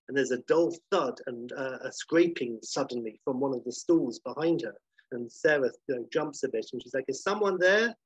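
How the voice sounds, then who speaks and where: Husky man spinning a casual story. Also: medium pitch, no room sound. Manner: animated, casual fillers like "you know". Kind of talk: improvised story narration. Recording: dull lo-fi recording.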